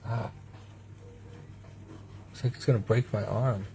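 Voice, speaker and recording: A man with a somewhat low voice rambles casually from a hospital room. He speaks haltingly, restarts sentences and breaks into nervous laughs. It sounds like a phone recording. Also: steady tone, vocal fry, warm tone, slight background noise. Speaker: patient sharing his health ordeal. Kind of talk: casual vlog monologue.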